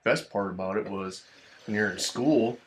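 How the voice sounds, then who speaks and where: A man with a low voice tells stories in a relaxed way, acting out each line of dialogue. A faint hiss of noise sits under his voice. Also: moderate pace. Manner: easygoing, acts out dialogue with "I'm like". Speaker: guest, former Navy corpsman. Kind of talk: casual storytelling chat.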